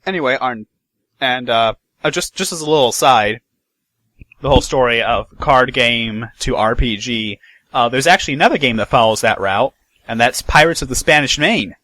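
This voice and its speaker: A man's voice: medium pitch, normal speed, sharp tone, no room sound, poor audio. A man hosting a podcast, chatting casually about game news and often restarting his sentences. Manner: rambling, many restarts and fillers. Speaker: podcast host. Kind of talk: casual gaming news chat.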